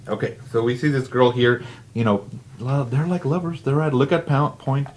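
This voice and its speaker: A man's voice: mid-range voice, steady tone, moderate pace, a little mellow. A man who casually reviews a comic book, with plenty of fillers and restarts. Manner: chatty, filler-heavy, restarts.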